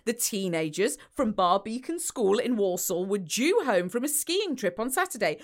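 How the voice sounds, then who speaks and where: An English woman co-hosting a podcast, laughing often and reacting with quick jokes. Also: medium pitch. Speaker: podcast co-host. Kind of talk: casual chat, reading news aloud.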